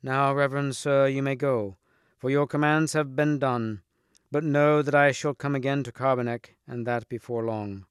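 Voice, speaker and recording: A man reading aloud, voicing a noble young knight who speaks calmly and evenly. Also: mid-range voice, normal speed, clean tone, no echo, studio quality, natural voice.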